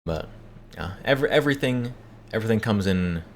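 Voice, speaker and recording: A man chatting on a live stream from his desk, answering viewer messages in a relaxed way, chuckling often and repeating words as he talks. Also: fairly low pitch, a little fast. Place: home room at his desk. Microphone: desk microphone.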